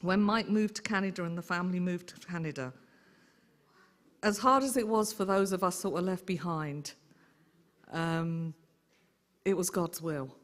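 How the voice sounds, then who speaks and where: A middle-aged woman, an aunt telling lively stories in a memorial tribute. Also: fairly low pitch, moderate pace, long pauses. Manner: lively anecdotal storyteller. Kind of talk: eulogy storytelling.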